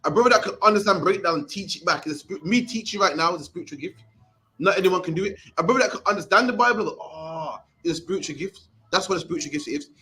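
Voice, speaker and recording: A man's voice: sits high, lively intonation, fast, pushed and bright. A young man with a Birmingham accent teaching a scripture class in a streetwise, conversational way, often ending phrases with "man". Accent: Birmingham English.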